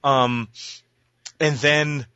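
A man's voice: medium pitch, steady tone, very slow, sharp tone, clear, resonant tone, dry recording, lo-fi sound. A man co-hosting a casual podcast, telling an exasperated, profane story and acting out the voices in it. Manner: profane, exasperated, acts out voices in his stories. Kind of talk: casual chat, ranting storytelling.

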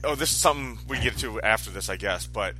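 A man talking casually about a film, halting and restarting his sentences. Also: on the low side, animated, bright, forceful tone, faint music behind, rough recording. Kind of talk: casual movie discussion.

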